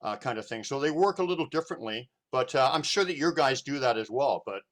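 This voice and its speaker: A man's voice: medium pitch, expressive, quick pace, fairly bright tone. A man hosting a casual interview show, talking loosely and filling his sentences with "you know" and "whatever". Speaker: show host.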